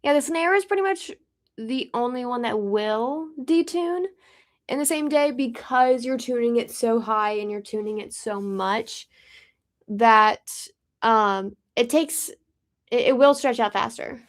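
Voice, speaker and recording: Casual drummer host, woman from Florida, a touch high-pitched, loose and talkative. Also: a little slow. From Pensacola, Florida, US. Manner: chatty, rambling storyteller. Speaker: drummer and host of a music channel. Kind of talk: casual chat while tuning drums.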